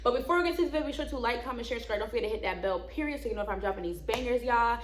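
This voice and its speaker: A woman's voice: fairly high pitch, rapid-fire, echoey room. A young woman vlogger chatting casually and slangily to her viewers, laughing often. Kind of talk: casual vlog chat.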